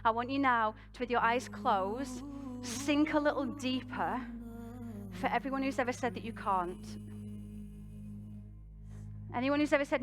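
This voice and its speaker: British woman yoga teacher, rousing, high-ish voice, live class with faint music behind. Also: moderate pace, long pauses. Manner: encouraging, laughs at herself, rousing. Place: live event venue, music playing.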